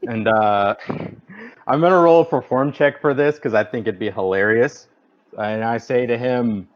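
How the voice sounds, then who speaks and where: A man's voice: mid-range voice, moderate pace, highs cut off. Laughing, rambling male player. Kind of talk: casual tabletop play.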